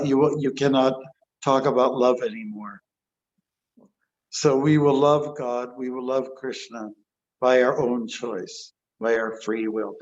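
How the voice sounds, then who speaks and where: A man, a monk giving a scripture class, talking in an animated, playful way and acting out quotes. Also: medium pitch, dull audio, slight background noise. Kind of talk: lecture with storytelling.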